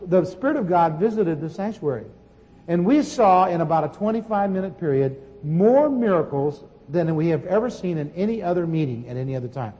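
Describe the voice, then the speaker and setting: High-voiced preacher in a reverberant hall. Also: male voice, dull audio. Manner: animated storytelling, bursts of shouting. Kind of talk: sermon teaching with testimony.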